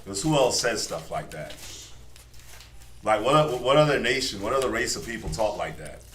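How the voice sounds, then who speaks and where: Laid-back low-voiced man. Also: expressive, normal speed, fairly bright tone. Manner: laid-back, slangy, laughs often. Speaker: Bible study leader. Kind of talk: casual Bible study commentary. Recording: echoey room, far from mic, faint noise.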